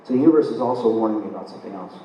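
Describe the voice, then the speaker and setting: Male lecturer, live talk, animated storyteller who acts out the dialogue, distant mic in a very echoey room. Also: lowish voice, rapid-fire, lo-fi sound. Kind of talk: live spiritual lecture, personal anecdote. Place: event hall, recorded from the audience. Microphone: distant camera mic. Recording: echoey hall, distant mic, faint hiss.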